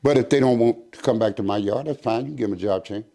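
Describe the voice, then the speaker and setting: A man's voice: lowish voice, fast talker. An older man, a retired prison captain, telling a story in an interview and acting out the voices of the people in it. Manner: animated storyteller acting out dialogue in quoted voices.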